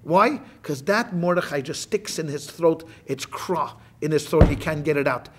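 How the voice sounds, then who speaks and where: A man, a rabbi, teaching a class in a lively, joking storytelling lecture, talking straight to his listeners. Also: on the high side, normal speed, a little hiss or hum.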